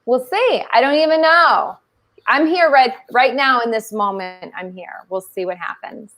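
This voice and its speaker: A woman's voice: on the high side, unhurried, a bit bright. A woman comedian co-hosting over a video call on a phone hotspot, bantering and teasing playfully. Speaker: comedian guest co-host. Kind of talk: casual livestream banter.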